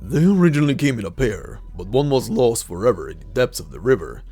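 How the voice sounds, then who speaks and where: A man's voice: mid-range voice, big pitch swings, quick pace, mellow, husky, faint music behind. A man voicing an ancient ghostly king who speaks formally and solemnly, in a fan audio drama. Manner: stately, old-fashioned phrasing.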